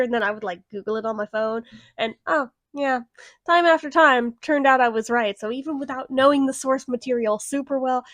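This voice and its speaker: A young woman talks through a movie review in a casual, blunt way, with plenty of sarcasm and swearing. Her voice sits a little higher than most, and the recording is dry and close with no room sound. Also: dry recording.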